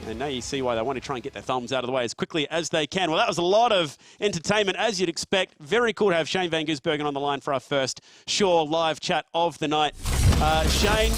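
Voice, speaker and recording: A man commentating a sim racing event in a chatty, energetic way. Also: fairly high pitch, fast. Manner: energetic, chatty, laughs often. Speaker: esports race commentator. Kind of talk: sports commentary.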